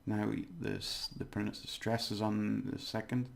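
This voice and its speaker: Guy with a gravelly voice doing a chatty video lesson, overdoes the words to show them. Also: lowish voice, flat delivery, normal speed. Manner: chatty, exaggerates words to demonstrate, laughs at own slips. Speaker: language teacher.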